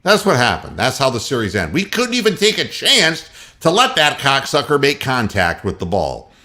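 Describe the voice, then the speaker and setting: Male sports radio host, sarcastic profane ranter, lively pitch, bright tone. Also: normal speed. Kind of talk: ranting sports commentary.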